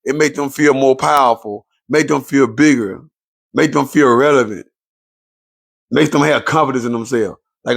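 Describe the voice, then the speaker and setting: A man's voice: mid-range voice, measured pace, creaky, long pauses. A man, giving an impassioned, preachy monologue to viewers about relationships, repeating his points for emphasis. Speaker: relationship commentator.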